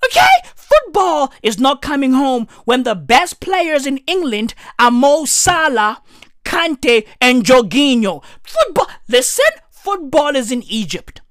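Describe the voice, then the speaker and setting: Young woman, South African accent, comedic rant, loud, profane, emphatic, high voice, very dry sound. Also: sing-song, slow pace, no echo. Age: young adult.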